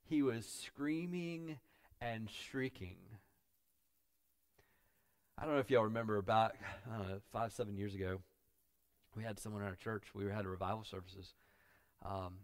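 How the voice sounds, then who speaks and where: A man preaching a sermon as pastor, dropping to quiet asides and building to loud, emphatic peaks. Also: on the low side.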